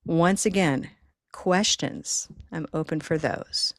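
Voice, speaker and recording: A woman with a lowish voice leads a live online pronunciation class in an upbeat, encouraging, chatty way. She speaks through a computer microphone in a very dry, close sound. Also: takes it slowly, no room sound. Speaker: pronunciation teacher hosting a live online session.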